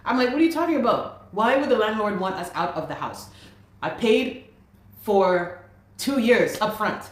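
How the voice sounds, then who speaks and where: A woman's voice: medium pitch, lively intonation, normal speed. A young adult woman emphatically telling a personal story as a guest, repeating phrases for emphasis. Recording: very echoey room.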